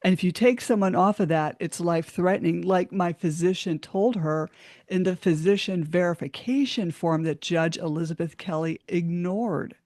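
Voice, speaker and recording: A woman's voice: fairly low pitch, moderate pace, a little mellow, no room sound, studio quality. A woman hosting a podcast, giving short affirmations and a plain personal account. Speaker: podcast host. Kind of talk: casual interview talk.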